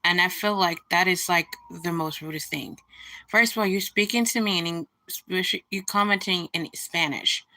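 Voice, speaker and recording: A woman's voice: fairly low pitch, moderate pace, pushed and bright. A woman hosting a casual livestream, venting indignantly about a rude comment and greeting viewers as she goes. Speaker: livestream host.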